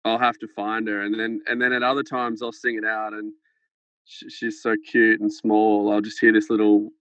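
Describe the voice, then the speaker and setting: Guy rambling thru a funny story, swearing a lot, lowish voice, dry muffled phone sound. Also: moderate pace, no room sound. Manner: rambling, swearing, animated anecdote. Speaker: podcast guest. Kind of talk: casual storytelling. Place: farmhouse. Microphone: phone held close to head.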